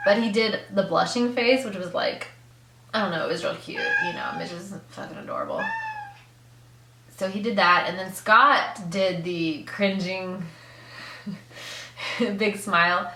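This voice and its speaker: A young woman vlogger telling an excited story in a casual, gushing way, full of "like" and laughs. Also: medium pitch, unhurried, a little hiss or hum. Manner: gushing fangirl, lots of "like" and laughs. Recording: echoey room.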